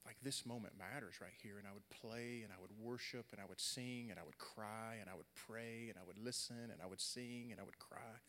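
A young adult man preaching a sermon, swinging from loud, animated storytelling to quiet, earnest talk. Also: on the low side, a little fast, hardly any pauses, a little hiss or hum. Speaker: pastor. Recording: long hall reverb.

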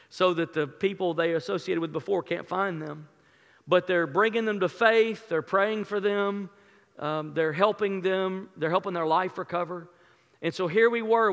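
Homme pasteur, voix aiguë, grande salle réverbérante. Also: male voice, high-pitched, a bit bright, in a large hall. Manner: earnest, emotional storytelling with many restarts. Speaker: pastor. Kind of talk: sermon storytelling.

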